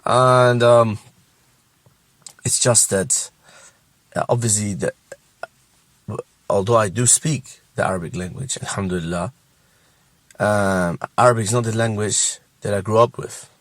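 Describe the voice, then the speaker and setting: A man's voice: fairly low pitch, unhurried, long pauses, no room sound. A man hosting a religious reaction show, giving scornful commentary and laughing mockingly between remarks.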